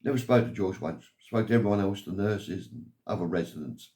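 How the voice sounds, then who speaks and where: Fairly quick and barely pausing, an older English vlogger tells his long life story in a low, dark voice. He meanders with an aggrieved air and keeps returning to "anyway."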